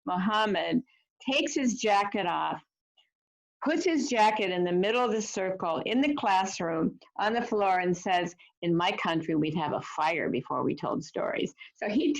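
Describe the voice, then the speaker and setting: A woman who teaches refugee youth tells stories in an earnest, gentle, unhurried way over a video call. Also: medium pitch, rough recording. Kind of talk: reflective storytelling talk.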